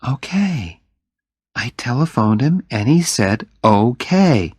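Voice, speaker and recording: Male narrator voicing a playful young woman for an audiobook; slow, lifted pitch, dry sound. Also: very animated, a little mellow, husky, dry recording, full character voice. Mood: teasing. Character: young woman, teasing and confident.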